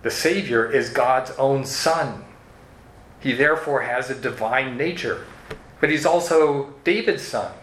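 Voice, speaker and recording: A man preaching a verse-by-verse sermon at a middle pitch, in an earnest teaching tone. His voice rings in a reverberant room. A faint hum of ambience sits behind him. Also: measured pace, fairly bright tone. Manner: earnest teaching tone, leads listeners through verses. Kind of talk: expository sermon.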